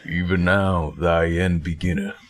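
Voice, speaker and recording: A man's voice: low voice, flat delivery, pitched below the performer's own voice. A man voicing a costumed man posing as a forest god, speaking in a solemn, archaic way with a Southern US accent. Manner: slow, grave pronouncements. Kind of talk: reading game dialogue aloud.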